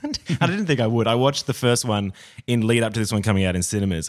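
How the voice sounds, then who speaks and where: Enthusiastic man with a lively low voice. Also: quick pace. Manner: enthusiastic, rambling. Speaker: podcast co-host. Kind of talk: casual chat.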